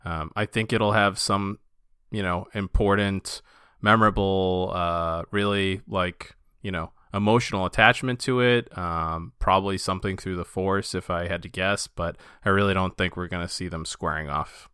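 A man's voice: deep voice, fairly even intonation, moderate pace, bright, forceful tone, clear, resonant tone, no room sound, clean studio sound. A man co-hosting a casual fan podcast, enthusiastic and loose, with lots of fillers and restarts. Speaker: podcast co-host.

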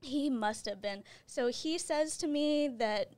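A woman hosting a comedy podcast, telling a story in a casual, animated way and swearing freely. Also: on the high side, unhurried, few pauses, smooth. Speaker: podcast host.

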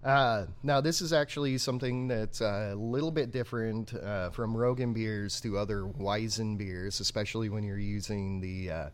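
Man, lower pitch, casual live-stream co-host, lively and joking. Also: moderate pace, few pauses, smooth. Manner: animated, laughs often, jokey.

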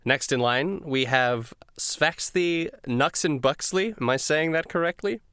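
A man narrating a tabletop game as game master, hesitant, often restarting and jumping in pitch. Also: a little slow, clear, resonant tone, no echo, clean studio sound. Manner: hesitant, many fillers and restarts, animated pitch jumps.

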